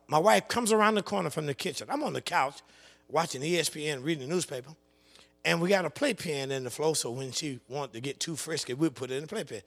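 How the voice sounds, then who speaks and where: An older man delivers a sermon as a storyteller, his unusually high voice rough with gravel. He calls back and forth with the congregation, drops to near murmurs, then climbs into impassioned shouts. The tone stays bright and cutting throughout. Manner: storytelling preacher, call-and-response with the congregation. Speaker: preacher.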